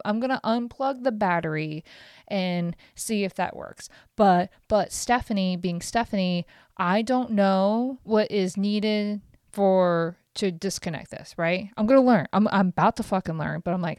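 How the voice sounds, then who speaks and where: A woman hosting a solo podcast, telling an exasperated, profane story in an animated way. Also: mid-range voice, moderate pace, dry recording, clean studio sound. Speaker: podcast host.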